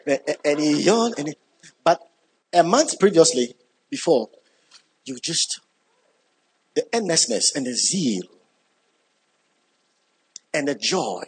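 A man preaching a sermon, emphatic, repeating key words and building up when excited. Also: on the high side, takes it slowly, pauses often, husky.

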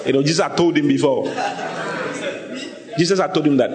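A man's voice: a little high, a little fast, reverberant, a crowd in the background. A man preaching a sermon, telling the story vividly and asking the listeners questions. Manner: animated storytelling, often asks the listeners questions.

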